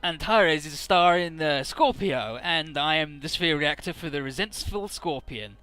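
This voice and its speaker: A man's voice: fairly high pitch, animated, normal speed, sharp tone, soft background music. A man putting on a casual smug villain. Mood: boastful. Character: smug male villain vice commander.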